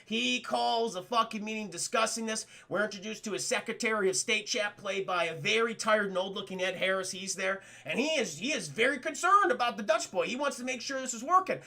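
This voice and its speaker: A man's voice: high-pitched, brisk, gravelly, few pauses, bright, forceful tone. A young man casually reviewing a film for his live chat, rambling, swearing and laughing as he goes. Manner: rambling, profane, addresses chat often, laughs a lot.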